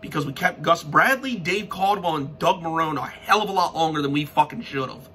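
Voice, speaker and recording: A man's voice: on the high side, a little fast, bright, forceful tone, slight background noise. A young man in a profane, frustrated sports-fan rant who swears constantly and restarts his sentences.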